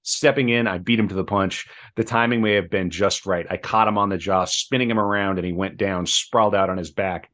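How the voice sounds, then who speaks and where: A man reading book passages aloud on a podcast, measured, with chatty asides between. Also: low voice, fairly even intonation, a bit bright.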